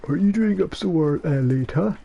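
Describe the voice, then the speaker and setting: This Scottish streamer of around nineteen sounds gravelly and warm, pitched on the high side, expressive and a little fast. Chatting casually over noisy game audio late at night, he rambles, trips on his words and is self-deprecating, with a dopey voice.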